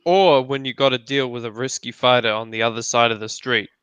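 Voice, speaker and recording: A man with a bright, smooth voice talks boxing in a flat, dry manner on a livestream. The sound is close and dry. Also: mid-range voice, brisk, no room sound, lo-fi sound. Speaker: boxing show co-host. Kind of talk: casual livestream chat.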